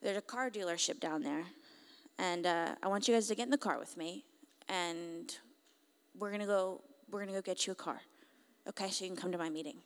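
A woman's voice: lowish voice, fairly quick, clear, resonant tone, lightly acted. A woman quoting a kind, generous male minister, in a fatherly and reassuring manner. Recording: long hall reverb.

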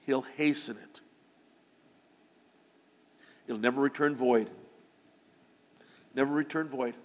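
A man preaching a sermon to his congregation, building to loud, emphatic declarations. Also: medium pitch, takes it slowly, long reverb tail. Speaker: pastor. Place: church sanctuary.

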